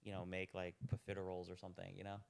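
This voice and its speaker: Young male guest, lowish smooth voice, rambling easygoing chat. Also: completely flat delivery, racing, darkish tone. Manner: laid-back, rambling, lots of "like". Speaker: podcast guest, restaurant owner. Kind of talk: casual chat.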